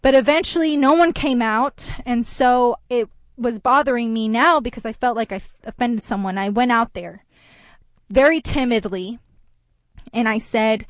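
A woman telling a personal story in an earnest, reflective way, with hesitant pauses and restarts. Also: fairly high pitch, dry recording.

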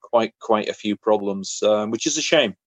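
A man's voice: fairly low pitch, moderate pace, dry recording. A man spins a personal anecdote in casual conversation. He tells it with energy and slips into voices for the people in his story. The recording is close and dry, with almost no room sound. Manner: lively, acts out other people's lines in voices. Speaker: interview guest.

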